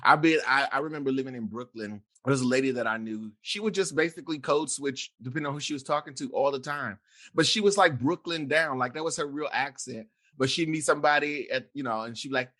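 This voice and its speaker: A man's voice: a little high, quick pace, pushed and bright, dry recording, clean studio sound. A man hosting a podcast, asking casual questions with a laugh and many restarts. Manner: curious, laughing, restarts his questions often. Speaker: podcast host. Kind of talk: casual interview chat.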